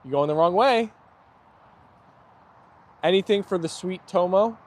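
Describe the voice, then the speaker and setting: A young man with a high-pitched, slightly slow voice hosts an outdoor livestream, reading viewer comments aloud while his dogs play. He's chatty and easygoing and laughs often.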